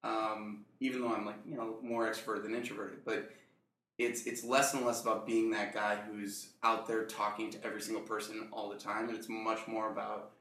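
A man with a low, bright and forceful voice muses about himself in a relaxed chat among friends. He laughs easily, and his words ring out in a room with a lot of echo. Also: moderate pace. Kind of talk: casual group conversation. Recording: echoey room.

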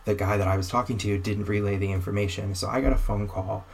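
Lower-voiced young man telling a wry story. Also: quick pace, creaky, a little hiss or hum. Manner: animated, wry storyteller who acts out quoted exchanges. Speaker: guest telling a personal story. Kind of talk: casual conversational storytelling.

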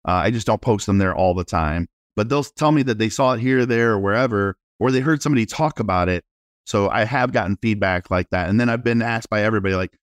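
A man, a realtor guest, telling animated and self-deprecating stories in a casual interview. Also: on the low side, fast, no echo, studio quality.

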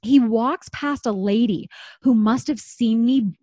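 Woman, thirties, animated storyteller, slightly high voice, dry close sound. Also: unhurried, no room sound. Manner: animated storyteller, acts out quotes, laughs often. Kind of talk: casual chat.

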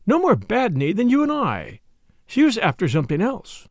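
A man voicing a brisk, gossipy middle-aged spinster sister who speaks in a complacent, self-important, knowing way. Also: sits high, huge pitch swings, dry recording, clean studio sound, pitched above the performer's own voice, full character voice. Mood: self-satisfied. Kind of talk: audiobook character voice.

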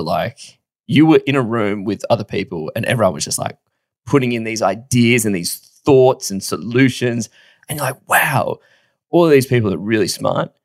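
A man, co-hosting a podcast and telling a story in a casual, animated way, swearing now and then and laughing often. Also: mid-range voice, normal speed, vocal fry, no echo, studio quality. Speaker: podcast co-host.

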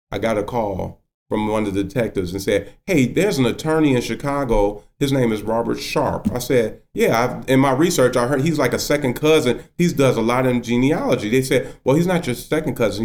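Middle-aged guy telling a long story in an interview, acts out what people said, regular pitch. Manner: animated storyteller, acts out quoted dialogue. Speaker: county judge, interview guest.

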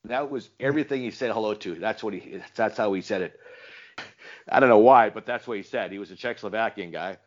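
Older male guest, low voice, dull lo-fi sound; animated, repetitive storyteller. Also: brisk. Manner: animated, repeats words, acts out dialogue. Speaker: retired pro hockey player as guest. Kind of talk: casual interview storytelling. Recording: dull lo-fi recording.

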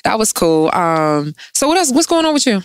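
A woman hosting a casual, playful chat, joking and animated as she talks with a friend. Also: mid-range voice, moderate pace. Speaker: podcast host.

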